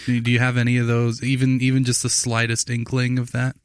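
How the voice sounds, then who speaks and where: A man's voice: mid-range voice, monotone, a little fast, clean tone, no echo, clean studio sound. A man co-hosting a podcast in casual chat, rambling as he explains, with many restarts. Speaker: podcast co-host.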